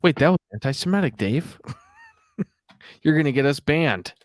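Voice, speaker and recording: A man's voice: on the high side, expressive, normal speed, no room sound. A young man hosting a casual podcast, rambling and laughing a lot as he talks. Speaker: podcast host. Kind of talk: casual chat.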